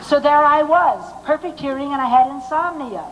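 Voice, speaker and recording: An older woman telling comic stories from a stage in a chatty, animated way, acting out other people's voices. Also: high voice, moderate pace, muffled recording, some chatter behind, a little hiss or hum. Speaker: stage performer. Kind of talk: anecdotal stage monologue. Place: stage in a large hall. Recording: long hall reverb, faint music behind.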